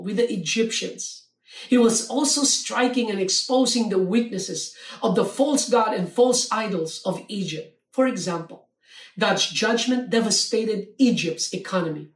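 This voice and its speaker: A preacher giving an earnest sermon, stressing key words and reading scripture aloud. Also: medium pitch. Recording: roomy sound from a distant mic.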